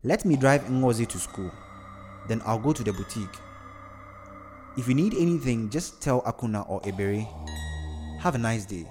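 Casting: man reading a practical mother of the house, brisk orders, mid pitch, faint music behind. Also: expressive, a little mellow, lightly acted.

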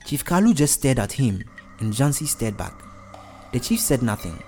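A man narrates a story with steady, expressive reading. His voice is mellow and dark, and his pitch moves in lively swings. Faint music plays under him. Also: normal speed.

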